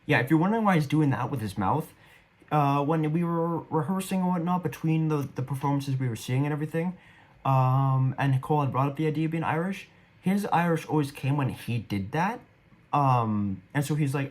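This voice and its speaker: A man's voice: on the high side, lively intonation, a little fast. A young man giving casual, rambling commentary on his own stage performance, a bit self-deprecating. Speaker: actor reviewing his performance.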